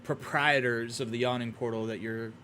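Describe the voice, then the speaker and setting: A man narrating a tabletop game as game master in a relaxed way, with many fillers and restarts. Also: mid-range voice, moderate pace, slight background noise.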